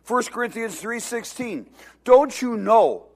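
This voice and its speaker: A high-pitched man preaching a sermon at an unhurried pace. He exhorts his congregation and has them repeat his words, swinging from soft to emphatic. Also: animated, vocal fry. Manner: preaching with rising emphasis, at times shouting. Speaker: pastor.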